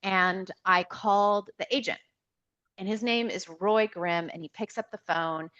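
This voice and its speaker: A woman, a podcast guest, telling a personal story in an animated, emotional way, often restarting her sentences. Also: mid-range voice, a little slow, muffled recording. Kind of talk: personal storytelling in a conversational interview.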